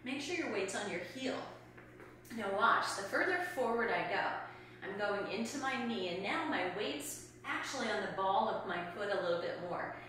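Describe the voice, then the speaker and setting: A woman in her fifties talks a viewer through strength exercises while she demonstrates them, her tone bright and forceful. She is picked up by a camera set back from her, and a strongly echoing room rings around her voice. A faint hum sits underneath. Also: mid-range voice, expressive, moderate pace. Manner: demonstrating exercises while talking, a little out of breath. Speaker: fitness coach. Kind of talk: instructional exercise video. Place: room at home. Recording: echoey room from far off.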